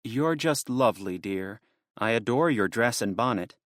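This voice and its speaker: A man voicing a kind adult woman who speaks gently and coaxingly. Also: medium pitch, animated, normal speed, no echo, clean studio sound, close to an everyday voice. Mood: doting. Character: sweet, doting adult woman.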